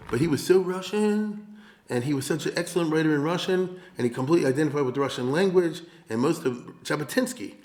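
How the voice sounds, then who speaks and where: Man, rabbi, history lecture, conversational, asides to listeners, medium pitch, echoey room. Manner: chatty, with rhetorical asides and check-ins to the audience.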